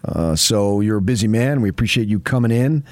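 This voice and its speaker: A man's voice: on the low side, animated, brisk, a little mellow, no room sound. A man hosting a morning sports radio show in a studio, talking with effusive, emphatic praise. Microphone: studio microphone.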